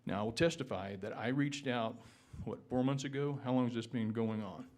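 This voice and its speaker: A man's voice: mid-range voice, brisk, a little mellow. A man with a Texan accent giving public testimony at a town meeting, often restarting words and using formal legal phrasing. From Texas. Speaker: public commenter.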